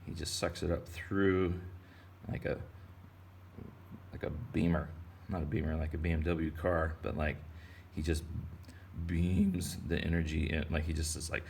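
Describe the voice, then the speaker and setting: Low gravelly guy from texas, rambly and goofy, teaching kids to draw fish. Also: level tone, measured pace, long pauses, darkish tone, slight background noise. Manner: rambling, playful. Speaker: art teacher. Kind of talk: casual kids' drawing lesson.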